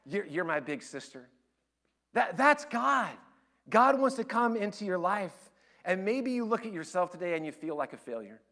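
A man preaching a sermon as pastor, swinging between loud, excited storytelling and quiet, earnest appeals. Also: high-pitched, normal speed.

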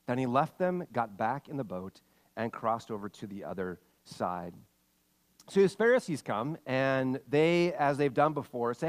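A man preaching a sermon as pastor, reading scripture and telling a lively family story in animated bursts. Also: medium pitch, measured pace. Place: church sanctuary. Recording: long hall reverb.

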